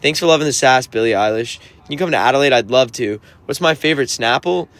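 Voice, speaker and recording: A man's voice: mid-range voice, fast talker, a bit bright. Sassy man reading livestream chat. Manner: sassy, teasing, mock-offended. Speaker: touring musician.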